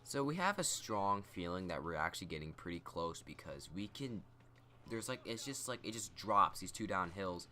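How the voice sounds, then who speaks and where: Teen male vlogger, low-pitched, bright forceful tone, casual rambling storytelling. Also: sing-song, moderate pace, a little hiss or hum. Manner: rambling, lots of "like" and "you know". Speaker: YouTuber.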